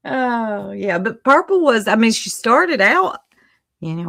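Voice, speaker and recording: Slow-talking woman streamer chatting with viewers. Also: on the high side, big pitch swings, vocal fry, a bit bright, no echo, clean studio sound. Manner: chatty, greets viewers by name, laughs often. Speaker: livestream host. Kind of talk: casual chat with live viewers.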